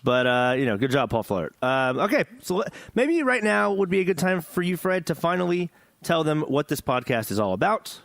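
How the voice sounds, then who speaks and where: A man's voice: fairly high pitch, very animated, a little fast, creaky, a bit bright, no echo. A man hosting a gaming podcast in casual chat, joking, rambling and swearing. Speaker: podcast host.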